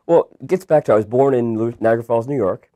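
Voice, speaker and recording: A Canadian man in his thirties, a guest entrepreneur telling his story in a relaxed, rambling interview style. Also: mid-range voice, fast. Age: 30s. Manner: relaxed, rambling with many fillers and restarts.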